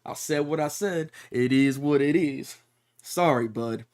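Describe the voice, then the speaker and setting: A calm, cruel villain who shrugs off what he has done, speaking in a slow, flat drawl, as a man puts him on. The delivery is unhurried and self-satisfied. The pitch sits a little below the speaker's usual voice. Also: natural voice. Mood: smug. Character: smug unrepentant male villain, calm and cruel.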